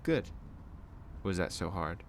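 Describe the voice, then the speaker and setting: A man voicing a cruel, grinning male clown who speaks in a sickly sweet sing-song, with a deep voice. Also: very animated, slow pace, slight background noise, heavily acted. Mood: sweetly menacing.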